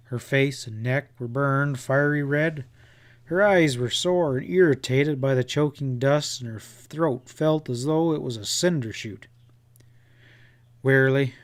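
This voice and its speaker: Slow, unhurried male audiobook narrator. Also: mid-range voice. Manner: measured, unhurried storytelling. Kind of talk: audiobook narration of a western novel.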